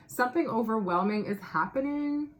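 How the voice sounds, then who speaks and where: A woman giving a casual tarot reading to her viewers, thinking out loud and laughing often. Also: a little high. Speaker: tarot reader.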